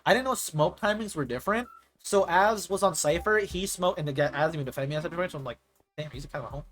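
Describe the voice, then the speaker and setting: Rambling young male streamer, slightly high voice. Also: fast talker. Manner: rambling and animated, says "like" often, rants when annoyed. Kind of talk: casual live-stream chat while gaming.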